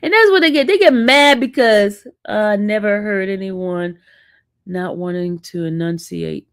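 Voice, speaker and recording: A woman with an East Coast American accent, from the northern US, hosts a casual livestream and sassily teases her chat, talking back to them. Her voice sits at a medium pitch with a measured pace. The studio-quality audio has no echo.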